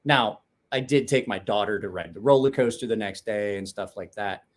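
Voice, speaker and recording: A man's voice: lowish voice, moderate pace. A middle-aged man hosting a casual livestream chat, blunt and rambling, swearing freely. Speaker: knife-sharpening channel host.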